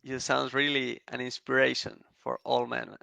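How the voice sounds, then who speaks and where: A man interviewing, asking short quiet questions from off the mic. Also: mid-range voice, level tone, moderate pace, vocal fry, dry recording, rough recording. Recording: dry, from off-mic.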